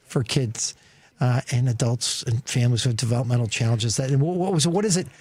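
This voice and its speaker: A man's voice: medium pitch, brisk, a little mellow, no echo. A man, a former state senator, co-hosting a radio talk show in studio, earnest and searching as he talks. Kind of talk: casual political chat.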